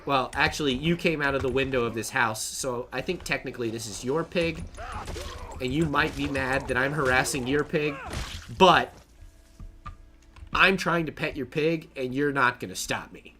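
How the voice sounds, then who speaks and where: A man's voice: medium pitch, normal speed, bright, forceful tone. A man casually narrating his own gameplay on a stream, chatty, joking and laughing to himself as he plays.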